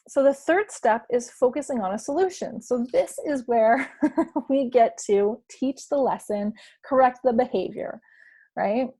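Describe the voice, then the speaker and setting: Woman, parenting coach, earnest live stream talk, higher voice, dry close sound. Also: a little mellow, dry recording. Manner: casual and earnest, with frequent fillers and restarts.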